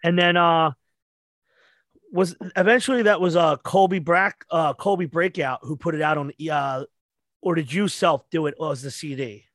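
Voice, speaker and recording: A man's voice: fairly high pitch, moderate pace, a bit bright, no echo, studio quality. A man hosting a podcast, asking loose questions with fillers and some swearing. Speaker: host. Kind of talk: casual podcast interview.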